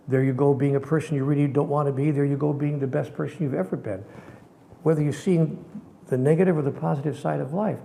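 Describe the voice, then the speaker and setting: A man, a spiritual teacher, telling personal stories in an animated way, acting out the people in them and sometimes dropping to a whisper. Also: medium pitch, creaky, slight background noise. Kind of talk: storytelling talk.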